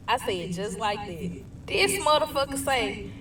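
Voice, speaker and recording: Bright-voiced woman telling a profane story. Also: high-pitched, unhurried. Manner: profane, animated, addresses the audience as y'all. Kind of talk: casual storytime monologue. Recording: roomy and distant with faint noise.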